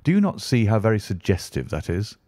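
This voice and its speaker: A brisk, impatient detective, read by a man, explains his reasoning in a crisp, lecturing way. The voice sits low and mellow, recorded dry and close. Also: wildly swooping pitch, no room sound. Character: Sherlock Holmes, brisk, impatient male detective.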